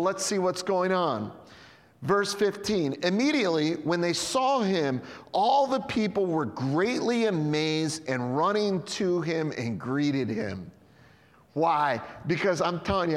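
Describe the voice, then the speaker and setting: High-voiced man preaching in a reverberant hall. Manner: animated, conversational preaching with sudden drops to quiet emphasis. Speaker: pastor. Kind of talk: sermon.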